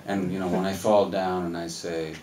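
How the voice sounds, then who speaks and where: A man on a film Q&A panel, talking in a rambling, animated way and laughing as he tells stories in a cinema hall. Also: low voice, moderate pace, recorded from a distance, a little hiss or hum. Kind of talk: casual live Q&A storytelling. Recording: echoey hall, mic heard from afar.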